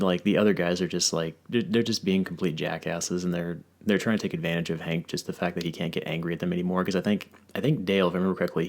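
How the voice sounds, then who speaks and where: A man with a very low, gravelly voice and a lot of vocal fry. He chats casually as a podcast host, rambling through stories and filling the gaps with fillers and restarts. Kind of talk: casual chat.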